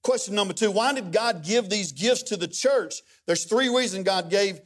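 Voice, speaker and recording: Man, middle-aged, high voice, folksy sermon storytelling. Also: normal speed. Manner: storytelling, folksy, swings from hushed to loud. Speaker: guest pastor.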